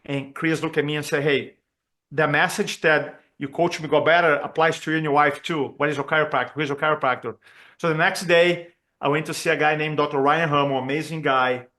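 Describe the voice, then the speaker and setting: A man from Brazil, a communication trainer telling a personal story during a talk for chiropractors, earnest and expressive as he acts out the dialogue. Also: a little high, fairly quick. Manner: earnest and expressive, acts out quoted dialogue, with frequent fillers and restarts.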